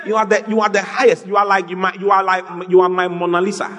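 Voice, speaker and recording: A man preaching an animated, lively sermon as a pastor, joking with his congregation. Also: high-pitched, fast, a crowd in the background. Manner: animated, exclaiming, jokes with the congregation. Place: church hall. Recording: long hall reverb, faint music.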